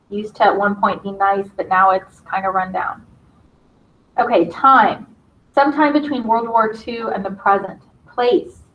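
A woman teacher reads a play's stage directions aloud to her class and talks with them in a brisk, encouraging way. Her voice sits at a middling pitch. The sound is slightly dull and lo-fi.

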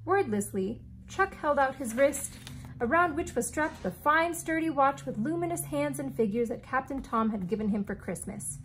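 A woman teacher reading a children's book aloud in a steady storytelling way. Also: sits high, normal speed, slight background noise.

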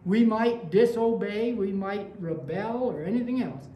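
A woman's voice: mid-range voice, a little slow, dark tone, highs cut off, a little hiss or hum. A woman pastor preaching a sermon in a conversational way, with anecdotes and rising emphasis. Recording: echoey room with faint ambience.

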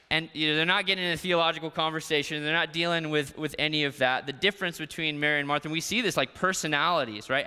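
A man preaching a sermon as a pastor, moving between quiet, tender lines and emphatic ones. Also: a little high, smooth, big-room sound. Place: church sanctuary.

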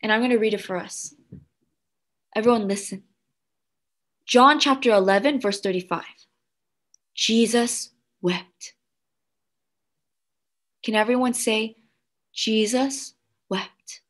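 Woman children's pastor, slow deliberate delivery, animated and engaging. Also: fairly high pitch. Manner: animated, engages kids with questions. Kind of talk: children's sermon.

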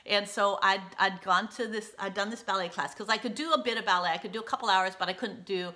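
A middle-aged woman hosting her own show, telling a story in a casual, animated way. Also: mid-range voice, quick pace. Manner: lively, animated retelling with laughs. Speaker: host.

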